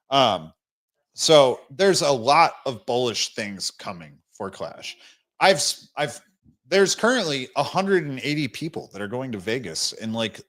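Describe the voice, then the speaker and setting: A man's voice: medium pitch, fairly bright tone. A young man hosting a casual crypto livestream, talking bluntly and rambling with many restarts, fighting the hiccups and short of breath.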